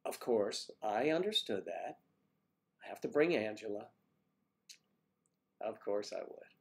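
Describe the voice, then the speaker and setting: An older man hosting a casual livestream, chatting warmly with viewers by name and rambling through stories. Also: fairly low pitch, sing-song, measured pace, vocal fry. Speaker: livestream host reading viewer comments. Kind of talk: casual chat.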